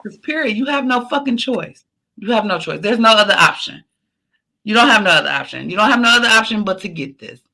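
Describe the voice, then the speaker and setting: A woman's voice: mid-range voice, lively intonation, brisk, gravelly, sharp tone, poor audio. Emphatic, motivational woman podcast host. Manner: emphatic, repetitive, preachy encouragement; casual, slangy, occasionally profane.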